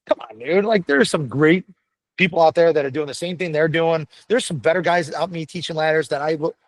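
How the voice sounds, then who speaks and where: A gruff middle-aged man speaking as a firefighter guest in a casual chat, blunt and profane, telling stories with energy. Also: on the high side, fairly quick, rough recording. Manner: blunt, profane, animated storytelling. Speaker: podcast guest, firefighter paramedic.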